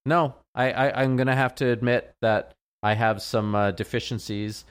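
A man's voice: mid-range voice, fairly even intonation, moderate pace, clear, resonant tone. A man, a veterinarian, chatting casually on a radio show, rambling and often repeating his words. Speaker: veterinarian guest.

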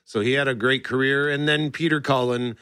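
A man's voice: medium pitch, steady tone, brisk, bright, forceful tone, clean tone, no echo, clean studio sound. A male host chatting casually about pop culture, enthusiastic and rambling, often restarting his sentences. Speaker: show host. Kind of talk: casual entertainment talk.

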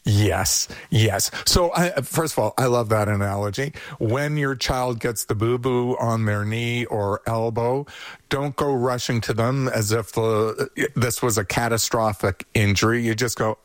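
A man's voice: medium pitch, no room sound. A man giving parenting advice in an easygoing conversational way, now and then acting out worried parents and children. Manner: animated, acts out parents and kids in quick voices. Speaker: parenting expert guest.

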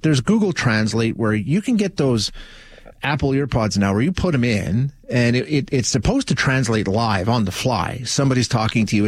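A man's voice: mid-range voice, no echo. A man hosting a call-in radio show, talking casually with frequent restarts and fillers. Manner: conversational, many restarts and fillers. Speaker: radio talk show host. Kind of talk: casual talk radio monologue.

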